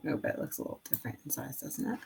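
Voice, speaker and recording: A woman's voice: racing, warm tone, a little hiss or hum. A woman in her thirties chatting casually and rambling with laughs while making a craft design on screen. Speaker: craft video creator. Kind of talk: casual screen-recording chat.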